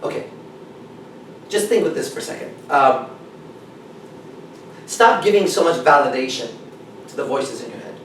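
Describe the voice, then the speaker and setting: A man's voice: mid-range voice, animated, moderate pace, pauses often. Profane, emphatic man in an echoey room. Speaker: dating coach. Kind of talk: seminar talk to a small group. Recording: echoey room, mic far off, faint noise.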